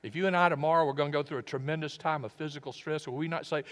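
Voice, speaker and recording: A man preaching a sermon as a pastor, reflective and earnest, often dropping his voice low. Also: rapid-fire, hardly any pauses, fairly bright tone. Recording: long reverb of a large hall.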